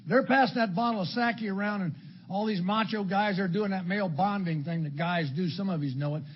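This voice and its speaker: An older man from Illinois sharing his story at a recovery meeting, blunt and crude, with dark humor. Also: high voice. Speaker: AA speaker. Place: meeting hall before an audience. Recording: dull lo-fi talk recording with faint background noise.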